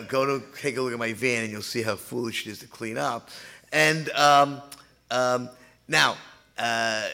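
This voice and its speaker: A man's voice: mid-range voice, creaky, pushed and bright. An older man, a pastor, telling a humorous story in a sermon, chatty and full of asides. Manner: chatty, humorous, acts out voices.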